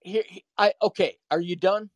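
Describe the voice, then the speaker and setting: A man's voice: high voice, fairly even intonation, moderate pace, no echo. Slangy male caller arguing back. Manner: casual slangy talk, keeps interrupting. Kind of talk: heated call-in argument.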